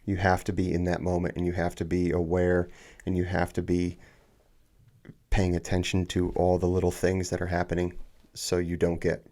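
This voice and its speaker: A man co-hosting a podcast, talking in a casual, measured and steady way. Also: low voice. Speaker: podcast co-host.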